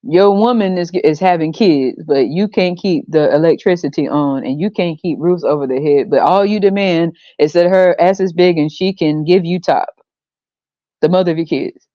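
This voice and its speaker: A woman hosting a podcast in blunt, profane, exasperated commentary. Her voice is low-pitched and mellow. The sound is dry and a bit dull and lo-fi. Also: moderate pace, no room sound. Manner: profane, exasperated, laughs often. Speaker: podcast host.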